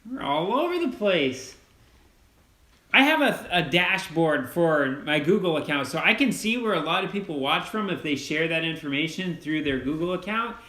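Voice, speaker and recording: Upbeat young man, bright voice, roomy echo. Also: fairly high pitch, lively intonation. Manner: upbeat, quick, thanks donors by name. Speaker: channel host reading donations. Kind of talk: casual livestream chat.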